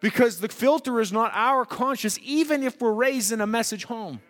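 A man preaching a sermon in a church hall, swinging between loud emphatic lines and hushed ones. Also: very high voice, moderate pace. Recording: long hall reverb.

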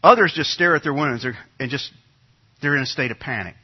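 A man preaching a sermon, telling a story with animated delivery and acting out the voices of a crowd. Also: fairly high pitch, fairly quick, slightly rough. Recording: dull lo-fi recording.

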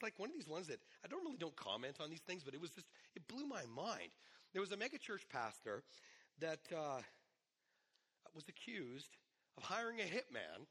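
A middle-aged male pastor preaching a sermon, hoarse today, in a conversational way with asides. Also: fairly high pitch, pushed and bright.

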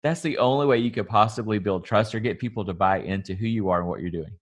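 A man's voice: lowish voice, fast talker. A man with a Southern US accent, a salon owner and public speaker, talking in an earnest, motivational, rambling way as a podcast guest. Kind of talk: casual podcast interview.

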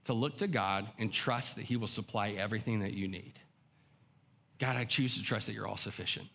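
A man's voice: lowish voice, a little fast, gravelly, fairly bright tone, breathy edge. A male pastor preaching a sermon in a conversational way, often acting out the inner voices of his listeners. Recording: long hall reverb.

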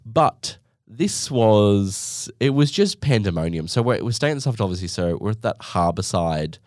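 Rambling podcast host, lively pitch. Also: male voice, normal speed, dry recording, studio quality. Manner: rambling, with many asides and self-mocking jokes. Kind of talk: casual comedic storytelling monologue.

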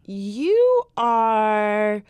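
A woman co-hosting a podcast in casual chat, animated and quick to mimic people in loud, squealy voices. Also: medium pitch, clear, resonant tone, dry recording. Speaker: podcast co-host.

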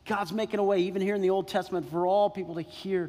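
A man's voice: sits high, fairly even intonation, fast talker, a little mellow. A man preaching a sermon as pastor, emphatic, repeating key phrases and questioning the congregation. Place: church sanctuary. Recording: long reverb in a large hall.

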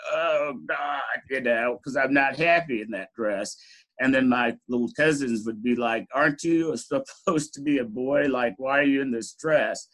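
A man's voice: on the low side, a bit bright, poor audio. Candid middle-aged man telling his story. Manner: candid, laughs often, frequent "you know". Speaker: interview guest. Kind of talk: reflective personal storytelling.

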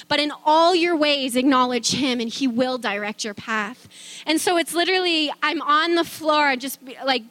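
A middle-aged woman with a slightly high, somewhat bright voice shares her faith testimony in a chatty manner. She laughs easily and fills her talk with fillers and restarts. The recording has no room sound.

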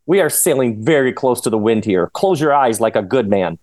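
A man's voice: medium pitch, lively intonation, darkish tone, close to an everyday voice. A man reading as an odd squat little man lecturing. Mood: emphatic lecturing. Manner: slow, insistent, lecturing.

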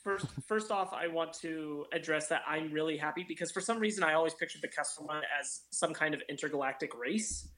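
A man with a bright, forceful voice that sits a little high, talking casually on a podcast. He builds his argument point by point and often restarts his sentences. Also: fairly quick, few pauses. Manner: opinionated, explains at length with restarts. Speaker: podcast co-host. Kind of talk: casual film discussion.

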